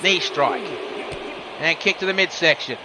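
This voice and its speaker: A man's voice: on the high side, background noise. Man calling wrestling play-by-play. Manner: rapid move-by-move calling with casual asides. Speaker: wrestling commentator. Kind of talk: play-by-play commentary.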